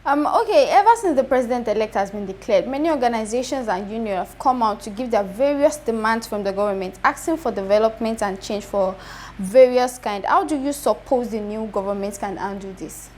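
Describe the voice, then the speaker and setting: A woman's voice: fairly high pitch, brisk, a little mellow. Nigerian woman TV host asking questions. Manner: brief prompts, echoes the guest's words. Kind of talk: TV studio interview.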